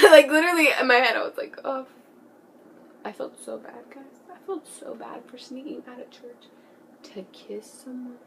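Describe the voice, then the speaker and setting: A teenage girl telling a story in a casual vlog, excitable and giggly, full of "like" and "bro", sometimes dropping to a hushed whisper. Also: high voice, normal speed, gravelly, noisy background. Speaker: vlogger.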